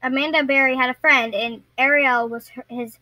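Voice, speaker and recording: Young woman vlogging, bright kinda sharp voice, keeps stuttering and restarting. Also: high voice, steady tone, normal speed, dry recording, rough recording. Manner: rambling, stumbles and restarts often. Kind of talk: casual storytelling to camera.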